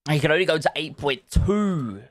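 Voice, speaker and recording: A man's voice: fairly high pitch, lively intonation, moderate pace, no echo, clean studio sound. A man, chatting casually on a live stream, thinking aloud and greeting viewers from chat. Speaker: livestreamer.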